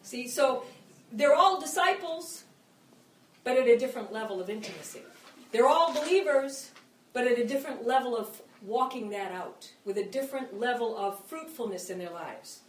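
A middle-aged woman delivers an impassioned, conversational sermon, slipping into the voices of people praying. Her voice sits a little high for a woman. She is picked up from some distance in a reverberant hall with faint ambient noise. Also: animated, moderate pace. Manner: impassioned, conversational, acts out quoted prayers. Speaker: preacher. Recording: echoey room, mic at a distance.

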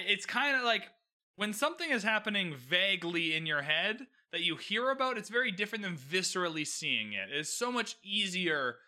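Animated, swearing male TV recapper. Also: sits high, normal speed. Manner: swearing, emphatic, opinionated ranting. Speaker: TV recap host. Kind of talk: casual recap commentary.

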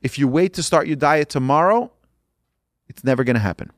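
A man's voice: on the high side, expressive, brisk, no echo, clean studio sound. A man giving an urgent sermon as a religious teacher, emphatic and repeating his points.

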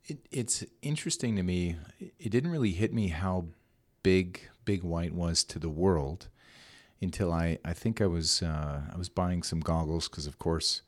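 A man's voice: low voice, measured pace. A man hosting a podcast, asking questions and telling stories in a loose, rambling way. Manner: rambling storyteller, loose and conversational. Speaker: podcast host. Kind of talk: casual interview talk.

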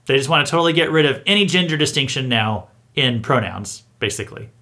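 A man's voice: medium pitch, expressive, fast talker, pushed and bright. A man hosting an opinion commentary show, reading out a list with sarcastic, incredulous asides and chuckles.

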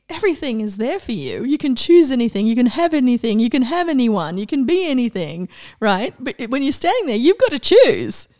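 A middle-aged woman coach giving a casual, enthusiastic inspirational talk, animated and laughing often. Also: sits high, no echo, studio quality.

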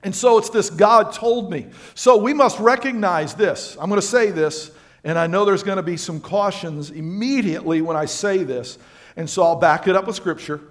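Guy preaching a sermon, kinda high voice, gets loud then drops real quiet. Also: moderate pace. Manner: emphatic preaching, rising loud for emphasis then dropping low. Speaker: pastor. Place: church sanctuary.

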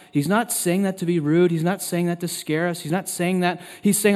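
A man in his thirties preaching a sermon as pastor, turning loud and emphatic when he quotes scripture. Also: fairly even intonation, moderate pace, hardly any pauses. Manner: emphatic, loud and high when quoting God. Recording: long reverb of a large hall.

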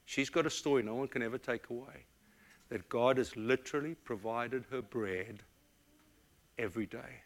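A middle-aged man from the United States, a pastor, telling personal stories in a sermon with emotional, animated delivery. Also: mid-range voice, moderate pace. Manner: emotional, animated storytelling with quoted voices. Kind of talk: storytelling sermon.

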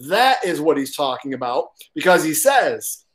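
A man preaching a sermon as pastor, stressing points with pauses for effect, repeating key lines and often filling gaps with "uh". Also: on the high side, big pitch swings. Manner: halting with frequent uh fillers.

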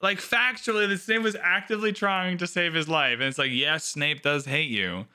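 A young man with a very bright, crisp, clear voice, chatting on a book podcast. He is sarcastic and animated, often slipping into jokey impressions of characters. His voice sits a little high for a man. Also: moderate pace. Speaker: podcast co-host. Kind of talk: casual book discussion.

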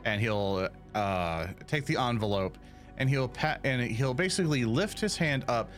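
A man's voice: on the low side, measured pace, soft background music. Man game master narrating a tabletop scene. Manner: lively scene narration with sound effects.

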